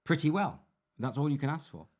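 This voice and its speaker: Quick, lively-pitched wry male guest. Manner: dry, wry wit with animated delivery. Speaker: podcast guest, author. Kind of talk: casual comedic chat.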